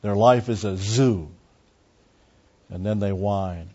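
A man's voice: lowish voice, takes it slowly, a little mellow, breathy edge. A man teaching a Bible study, explaining words closely and driving points home with emphatic repetition. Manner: emphatic, repeats key phrases. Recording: dull lo-fi recording.

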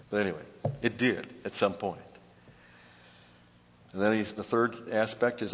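A man's voice: lowish voice, steady tone, a little slow, long pauses. A middle-aged man preaching a sermon as pastor, earnest and emphatic, often repeating words as he searches for them. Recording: dull lo-fi sound with long hall reverb.

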